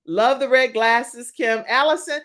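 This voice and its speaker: A woman's voice: on the high side, unhurried, a bit bright. A woman in her forties hosting a live talk show, chatting and laughing as she reads out viewer comments.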